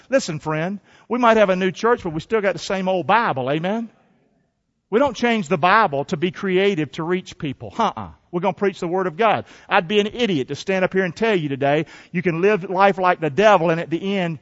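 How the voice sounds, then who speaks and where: A man preaching a sermon as pastor, energetic and folksy, calling on the congregation to answer and repeat after him. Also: high-pitched, normal speed. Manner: energetic, call-and-response preaching with folksy asides. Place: church. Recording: dull lo-fi church recording with long reverb.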